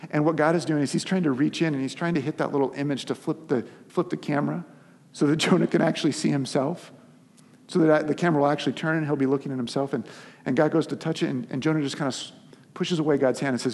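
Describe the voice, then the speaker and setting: A husky-voiced man preaches a sermon, retelling the story with lively, conversational touches. His voice sits at an ordinary middle pitch. A long hall reverb follows each phrase. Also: quick pace. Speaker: pastor.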